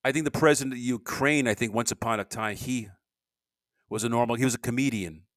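A man's voice: mid-range voice, brisk, a bit bright, no room sound. A man hosting his own solo podcast, rambling in a loose monologue, restarting sentences and grumbling in asides. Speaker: podcast host.

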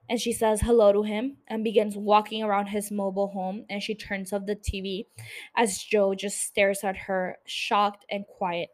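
A woman hosts a podcast and recaps an episode in casual, blunt talk full of swearing. She gushes openly about what she liked. Her voice sits at a middle pitch for a woman. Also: darkish tone. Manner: blunt and gushing, swears freely. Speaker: podcast host.

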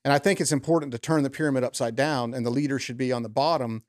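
A man's voice: mid-range voice, fairly even intonation, fast talker. A man speaking earnestly as a guest in a casual conversation.

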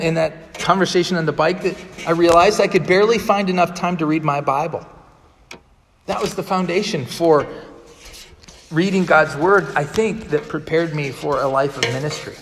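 Male pastor, sermon, chatty storyteller, slightly high voice, long hall echo, faint hiss. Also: a bit bright. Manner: conversational storytelling, vividly acts out quoted dialogue.

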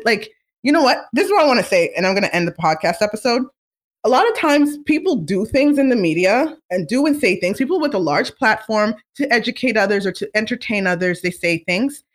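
A woman's voice: a little high, a bit bright. A woman hosting a solo podcast, talking in a casual, blunt and profane way, exasperated and ranting. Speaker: podcast host.

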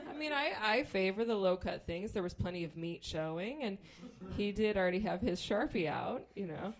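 Speaking at a medium pitch and normal speed, this Kansas-born woman performs stand-up. She spins a wry, foul-mouthed story and acts out each character in their own voice.

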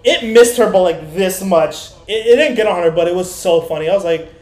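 A man with a high, light voice chats loosely on a podcast, rambling through a profane story and slipping into the voices of the people he quotes. He sounds as though he is in a roomy space with a lot of echo. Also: fairly quick, darkish tone. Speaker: podcast co-host. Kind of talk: casual chat.

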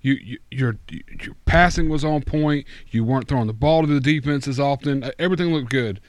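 A man's voice: medium pitch, a little fast, dry recording. A man co-hosting a casual sports podcast, rambling in an exasperated, profane way. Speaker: podcast co-host. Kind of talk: casual fantasy football chat.

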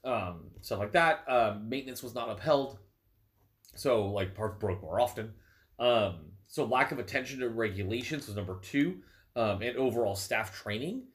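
A man's voice: medium pitch, expressive, moderate pace. A young man co-hosting a podcast, explaining in a rambling, casual way with lots of fillers, a bit stuffy from a cold. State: stuffy, sneezing. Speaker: podcast co-host. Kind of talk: casual chat.

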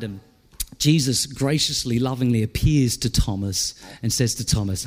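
A male pastor preaching a sermon in a conversational, animated way, asking the congregation questions. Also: mid-range voice, normal speed. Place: church.

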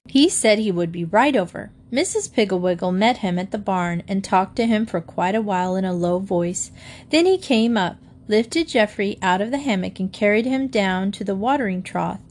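A woman reading a children's book aloud to listeners in a gently expressive way. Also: mid-range voice. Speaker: storyteller.

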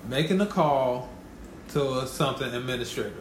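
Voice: medium pitch, brisk. Teasing, argues back, keeps interrupting, echoey room, bit of noise. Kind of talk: casual chat.

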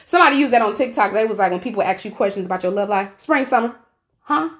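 A young woman co-hosts a casual podcast. She talks in a sassy, animated way, tossing out exclamations at a middling pitch. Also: very fast. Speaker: podcast co-host. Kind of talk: casual chat.

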